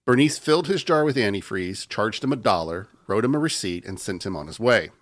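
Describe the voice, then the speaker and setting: A man tells a true-crime story on a podcast, his voice lively and rising and falling in pitch. The tone is bright and forward, and he keeps a steady reading pace. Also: brisk. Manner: reads the story aloud in an even narrating tone, breaking into laughter at the banter. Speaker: podcast host.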